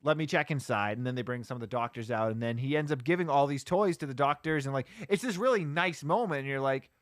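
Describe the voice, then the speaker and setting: A male podcast co-host with a mid-range voice talks fast, casually recapping a movie plot in a rambling, animated way full of "like" and restarts. The recording is studio quality with no echo.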